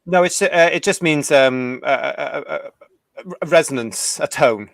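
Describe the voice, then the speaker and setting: A man's voice: fairly high pitch, unhurried, vocal fry, a bit bright, dry recording. A man hosting a podcast, explaining at length with frequent ums and restarts. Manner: explanatory, hesitant with many ums. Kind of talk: casual chat.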